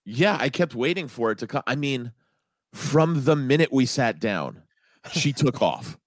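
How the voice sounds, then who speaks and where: A man chatting casually and telling stories, getting over being sick, animated, jumping up in pitch when he quotes people. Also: unhurried, no echo. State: recovering from illness. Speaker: podcast co-host. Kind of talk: casual chat.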